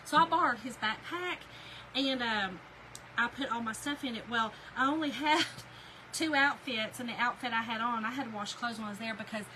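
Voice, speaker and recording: Folksy woman host, higher voice, casual craft-stream chatter over steady noise. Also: moderate pace, rough recording. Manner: chatty, folksy, talks to viewers as y'all. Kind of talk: casual chat while crafting on a livestream.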